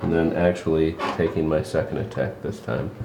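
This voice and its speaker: A man's voice: extremely low pitch, steady tone, moderate pace. A man playing in a tabletop game, matter-of-fact as he calls out attacks and dice results. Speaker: player. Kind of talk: casual tabletop game chat. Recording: roomy and noisy home recording.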